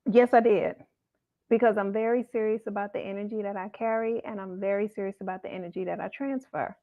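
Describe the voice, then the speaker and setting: A middle-aged woman hosting a livestream talk, telling stories and reading out a mantra slowly. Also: medium pitch, fairly even intonation. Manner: storytelling, slow deliberate mantra reading. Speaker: host. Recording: tinny phone-like line.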